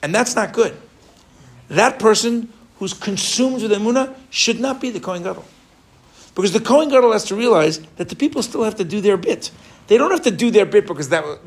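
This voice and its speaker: A man teaching a Torah class in an animated way, asking his students rhetorical questions and mixing Hebrew phrases into his English. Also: high-pitched.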